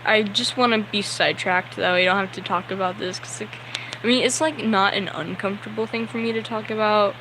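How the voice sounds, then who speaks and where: Against a noisy background, a young man with a high-pitched voice nervously recounts a story on a livestream. Sweaty and rambling, he fills it with "like" and plays out the characters himself.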